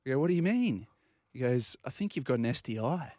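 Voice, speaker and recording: Aussie bloke spinning a yarn, acts out all the dialogue, mid-pitched, dead dry studio sound. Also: male voice, fairly quick, no room sound. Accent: Australian. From Australia. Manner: animated anecdote, acting out quoted dialogue. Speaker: regular guest. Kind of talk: casual storytelling.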